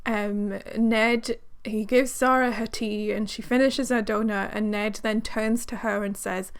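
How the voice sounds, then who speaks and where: A woman's voice: a little high, measured pace. A young woman reviewing a book in a chatty, sarcastic way, with lots of fillers. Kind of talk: casual book review vlog.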